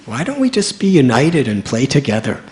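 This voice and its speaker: A man voicing a sweet-natured little boy who speaks gently and pleadingly. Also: mid-range voice, huge pitch swings, moderate pace. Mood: gentle.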